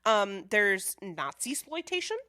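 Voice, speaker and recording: A woman's voice: mid-range voice, very animated, measured pace, sharp tone, no room sound, clean studio sound. Woman podcast cohost, chatty, keeps saying like and right, explains movie stuff. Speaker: podcast co-host. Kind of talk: casual film discussion.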